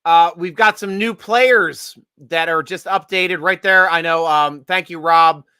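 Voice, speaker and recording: Bright-voiced joking man hosting. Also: fairly high pitch, fairly even intonation, a little slow, smooth, dry recording. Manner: joking, rambling, laughs often. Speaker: podcast host. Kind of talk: casual draft-show banter.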